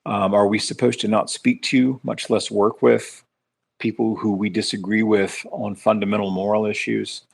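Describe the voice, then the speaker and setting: Deep, gravelly male podcast co-host, slightly husky, halting delivery with dry sardonic jabs. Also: flat delivery, no echo. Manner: measured, hesitant, with many ums and sardonic asides. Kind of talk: casual political discussion.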